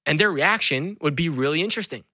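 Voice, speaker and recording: A man's voice: fairly high pitch, fast, no echo, studio quality. A man who is an author and school speaker, telling stories animatedly as an interview guest. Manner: animated storyteller. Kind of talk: conversational interview.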